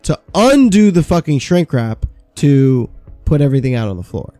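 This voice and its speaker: A man's voice: fairly high pitch, sing-song, normal speed, dark tone, no echo, soft background music. A man in his thirties, a podcast co-host, telling stories about old jobs in casual chat, swearing freely. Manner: swearing, storytelling with quoted asides.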